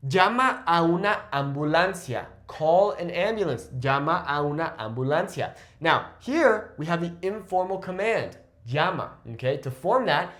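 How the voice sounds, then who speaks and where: A man in his twenties teaching a language lesson, explaining phrases in a lively way. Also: fairly high pitch. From California. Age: 20s. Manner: lively explaining, switches between English and Spanish. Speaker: Spanish teacher.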